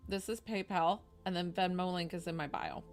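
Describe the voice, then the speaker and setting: A woman's voice: fairly low pitch, steady tone, moderate pace, faint music behind. A woman from New York doing a chatty, effusive psychic reading on a live stream. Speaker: psychic medium.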